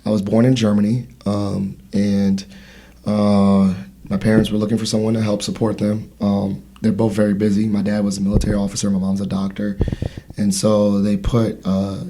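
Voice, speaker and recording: A man's voice: fairly low pitch, little pitch movement, normal speed, mellow. A man in his thirties hosting a casual podcast conversation, telling a story in a rambling way with many fillers and restarts. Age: 30s. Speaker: podcast host.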